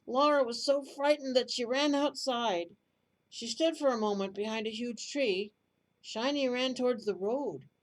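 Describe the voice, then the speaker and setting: A woman reading a children's bedtime story aloud in a gentle, expressive way. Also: on the high side, unhurried, rough recording.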